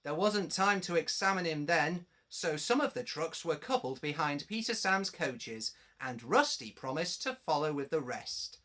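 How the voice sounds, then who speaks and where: A man reading a storybook aloud to young children, addressing them directly. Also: on the high side. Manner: slow, animated, addressing children.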